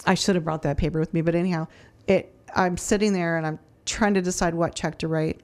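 Woman, slightly low voice, earnest storytelling, frequent restarts. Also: steady tone, a little fast, darkish tone. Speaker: food charity director. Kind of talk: casual testimony.

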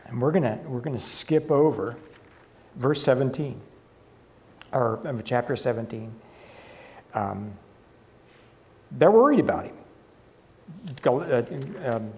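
A man teaching a Bible lesson, reading scripture aloud and commenting, often halting and correcting himself. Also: medium pitch, a little mellow.

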